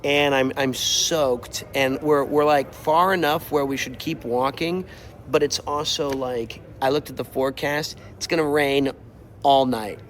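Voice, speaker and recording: A young man casually telling a travel story while walking outside, animated and exasperated, acting out quotes. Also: medium pitch, measured pace, slight background noise. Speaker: streamer. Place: outdoors, walking. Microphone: mobile mic while walking.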